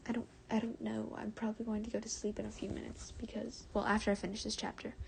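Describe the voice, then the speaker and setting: A woman's voice: on the high side, little pitch movement, quick pace, gravelly, slight background noise, poor audio. Giggly American woman reading aloud. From United States. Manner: stumbles over words, giggles, drops into soft whispers. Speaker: streamer. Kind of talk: reading fan fiction aloud on a livestream.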